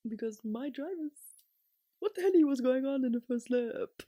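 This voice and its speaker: A young woman vlogger chatting casually and excitably, rambling, laughing often and swinging from whispers to shouts. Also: high-pitched, moderate pace, dry recording, clean studio sound.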